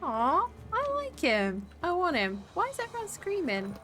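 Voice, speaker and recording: Over music, a young woman from southern England with a southern English accent streams a game and chats with viewers at a measured pace. Her extremely high voice swoops wildly in pitch, and she's chatty and sweary, laughing often in this casual livestream.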